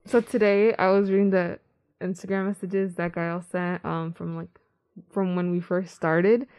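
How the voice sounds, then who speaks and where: A young woman co-hosting a podcast, speaking softly with self-doubt and close to tears. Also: on the low side, little pitch movement, unhurried, smooth. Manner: soft-spoken, self-doubting, near tears. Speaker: podcast co-host. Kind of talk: casual heartfelt chat.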